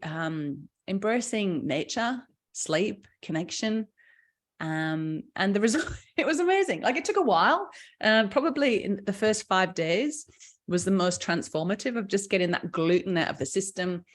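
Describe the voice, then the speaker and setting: A middle-aged woman, chatting enthusiastically through a live session as its founder and health coach. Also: lowish voice. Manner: chatty, enthusiastic, with fillers and frequent laughs. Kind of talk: casual live presentation.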